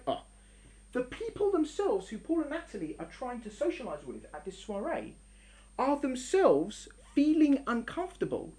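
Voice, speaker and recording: A woman giving a religious lecture to a live audience in a room, telling story analogies in an animated way, acting out scenes and often restarting her sentences. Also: a little high.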